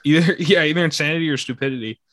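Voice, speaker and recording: A man's voice: fairly high pitch, very fast, a bit bright, no room sound. Young man, podcast host, casual chat, fillers, dry sound. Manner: laid-back, filler-heavy, reads news items aloud.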